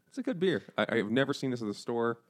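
A man's voice: mid-range voice, expressive, fairly quick. A man co-hosting a casual podcast, joking around and laughing often. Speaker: podcast co-host. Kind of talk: casual chat over beers.

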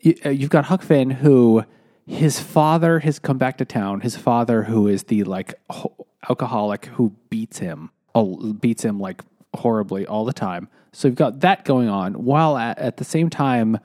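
A man's voice: medium pitch, moderate pace, warm tone. A man talking casually about a book as a podcast co-host, rambling with many restarts and fillers, and laughing easily. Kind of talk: casual chat.

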